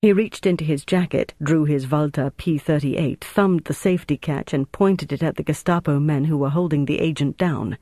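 A man narrating a thriller audiobook in a steady, measured way. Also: a little high, no echo, clean studio sound.

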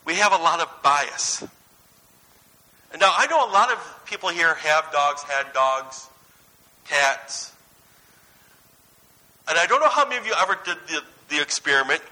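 Bright, high-voiced male preacher. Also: measured pace, pauses often, rough recording. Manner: conversational, anecdotal, swings between lively and hushed. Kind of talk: sermon.

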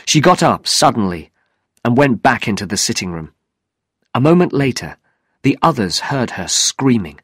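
A man narrating a graded reader story in a slow, clear, deliberate way. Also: mid-range voice, big pitch swings, fairly bright tone, no room sound, studio quality.

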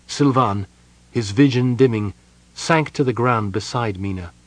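Man, audiobook narrator, measured dramatic delivery, medium pitch, dry close sound. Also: dry recording. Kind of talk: scripted narration.

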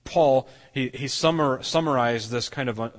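A man's voice: mid-range voice, normal speed, in a large hall. A man preaching a sermon as pastor, earnest, often restarting and repeating words as he explains. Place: church sanctuary.

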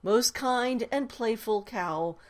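A woman reading a storybook and voicing a kind, calm young man who speaks gently and unhurriedly. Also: fairly high pitch, takes it slowly. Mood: gentle.

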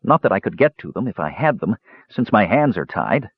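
A man's voice: lowish voice, sing-song, a little fast, husky, dry recording, exaggerated voice. A man voicing a young male mage, weary and seasick, who mumbles bitterly and puts himself down. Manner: mumbling, bitter, self-deprecating. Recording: dull lo-fi recording.

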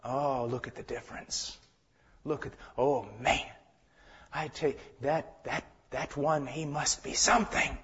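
A man preaching a sermon with passion, swinging between shouted lines and hushed, quiet ones. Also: medium pitch, fairly even intonation, measured pace. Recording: dull lo-fi sound with long hall reverb.

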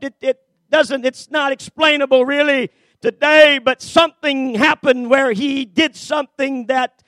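Brief: male preacher, very high voice, dry close sound, dramatic storytelling with shouts and hushes. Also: steady tone, unhurried, dry recording. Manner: dramatic, rises to shouts then drops low; many fillers and repeated starts. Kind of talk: sermon storytelling.

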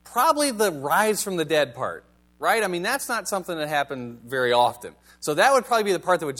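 A man's voice: high-pitched, big pitch swings, a little fast, fairly bright tone. A male pastor giving a sermon in a conversational, wry manner, reading scripture and asking the congregation rhetorical questions.

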